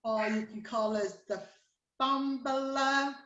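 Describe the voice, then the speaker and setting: A woman's voice: fairly high pitch, expressive, a little slow, fairly bright tone, lo-fi sound. A woman with a Yorkshire accent hosting a casual live-streamed panel chat, playful and teasing. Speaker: host. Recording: echoey room.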